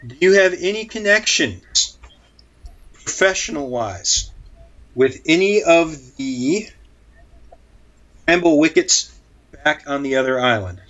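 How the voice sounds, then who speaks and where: A man's voice: fairly high pitch, lively intonation, takes it slowly, long pauses, a bit bright, lo-fi sound. A man playing a tabletop game, asking questions in a playful, mock-formal way. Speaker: player. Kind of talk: casual game chat.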